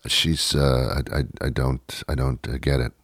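Low-voiced man rambling sarcastically. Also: level tone, a little slow, dry recording. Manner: rambling, self-interrupting, sarcastic. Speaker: podcast host. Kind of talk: rambling comedic monologue.

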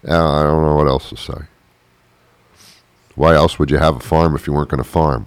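Deep-voiced man rambling deadpan jokes. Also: brisk, pauses often, smooth, dry recording. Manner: deadpan, rambling, mock-confused asides. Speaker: comedian. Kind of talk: rambling comic monologue. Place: sitting on a porch outdoors.

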